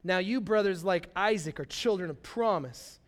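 A young man preaching a sermon in a casual, animated storytelling way, full of slang and acted-out quotes. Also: sits high, normal speed. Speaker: pastor.

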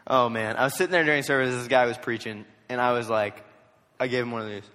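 A young man giving a storytelling youth sermon, jokey and animated, acting out what others said in quick put-on voices. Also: medium pitch. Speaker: youth speaker. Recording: long hall reverb.

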